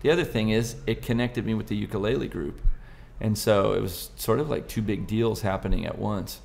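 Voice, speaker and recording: A man's voice: fairly low pitch, steady tone, a little fast, vocal fry, a little mellow. A man in his forties from Southern California, a guest musician and comedian, chatting playfully and rambling through his stories. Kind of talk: casual interview chat.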